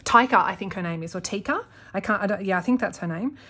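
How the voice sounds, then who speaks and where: A woman's voice: mid-range voice, quick pace, fairly bright tone. A woman chatting while she sets up her planner at a desk, rambling, sidetracking often and getting worked up when she rants. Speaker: planner vlogger. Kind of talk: chatty talk while crafting. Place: at a desk at home. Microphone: desk-mounted camera.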